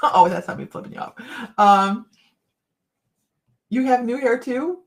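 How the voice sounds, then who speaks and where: A woman's voice: fairly high pitch, lively intonation, takes it slowly. A middle-aged woman reading cards on a casual live chat, rambling and laughing often. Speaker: psychic card reader.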